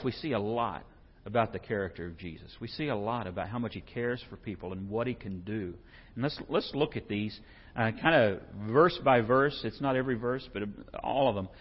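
A man preaching a casual, conversational sermon, reading scripture and acting out the quoted lines. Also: mid-range voice. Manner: animated, conversational, acts out quotes. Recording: lo-fi muffled recording.

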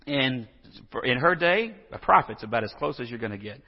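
Folksy husky-voiced Texas preacher. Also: male voice, medium pitch, animated, a little fast, big-room sound, dull audio. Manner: folksy, joking asides, acts out scripture dialogue. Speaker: pastor. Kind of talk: sermon.

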